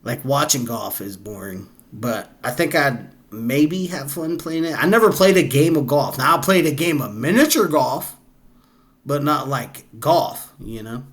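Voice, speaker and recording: A man's voice: mid-range voice, expressive, a little slow. A man hosting a reaction video, chatting casually and laid-back, laughing often and calling people "bro". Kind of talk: casual chat reacting to clips.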